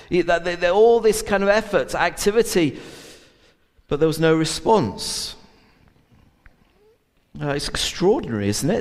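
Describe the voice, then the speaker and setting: Slow preaching man in a reverberant hall. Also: fairly high pitch. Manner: earnest, many uh fillers and repeated words. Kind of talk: sermon. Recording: long church reverb.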